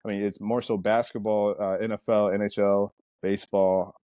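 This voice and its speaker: A man, a pro sprinter, chatting in an interview, telling stories in a relaxed, rambling way with lots of fillers. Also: on the low side, normal speed, no room sound, studio quality. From United States. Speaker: Olympic sprinter guest. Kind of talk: casual interview talk.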